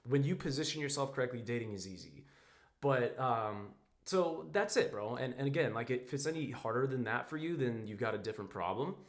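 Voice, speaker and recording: A man's voice: medium pitch, expressive. Blunt, slangy male dating coach. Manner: blunt, slangy, swears, keeps saying "bro" and "right?"; acts out text exchanges in quick quoted voices. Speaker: dating and social-circle coach. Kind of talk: direct-to-camera advice monologue.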